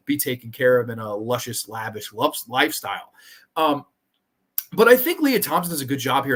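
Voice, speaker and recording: A man from New York with a New York accent, hosting a casual horror review show, animated and swearing freely. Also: medium pitch. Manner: animated, swearing, acts out quoted lines. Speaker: podcast host.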